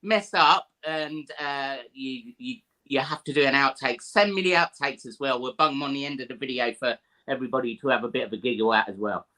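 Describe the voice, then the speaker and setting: An easygoing man talks as a guest in a friendly chat. His voice is bright and forward, and his pitch sits in the middle range. He sounds upbeat throughout. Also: a little fast, hardly any pauses, rough recording. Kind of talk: casual chat.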